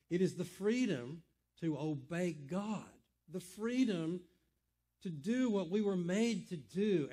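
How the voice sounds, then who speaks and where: A male pastor giving a sermon, with measured, emphatic phrasing and slow deliberate emphasis. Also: fairly high pitch, a little mellow. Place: church sanctuary.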